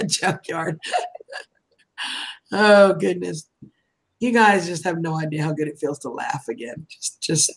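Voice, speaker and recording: Over poor audio, a woman with a somewhat low, creaky, slightly rough voice chats at an unhurried pace. She's hosting a livestream, laughing often while her voice starts to tire.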